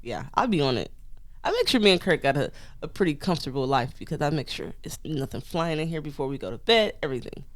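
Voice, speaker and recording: Low-pitched and fast, this woman co-hosts a podcast and tells a story in relaxed chat, voicing each person she quotes with animation. The recording is dry.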